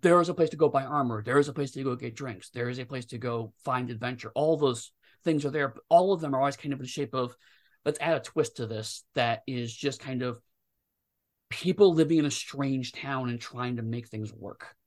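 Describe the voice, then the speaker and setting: A man, a game designer guest, talking at length in a rambling, animated way with many restarts. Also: mid-range voice, fairly quick. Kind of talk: casual interview chat.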